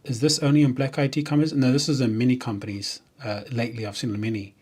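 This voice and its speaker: A man, a software developer, chatting casually and jokingly on a livestream, rambling with many fillers and restarts. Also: mid-range voice, little pitch movement, fast, breathy edge.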